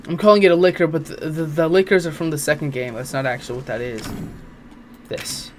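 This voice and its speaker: A man's voice: a little high, fairly even intonation, fairly quick, a little hiss or hum. Crude, jokey young man playing a horror game. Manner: jokey, crude, reactive, swears a lot. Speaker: gaming channel host. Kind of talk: casual let's play commentary.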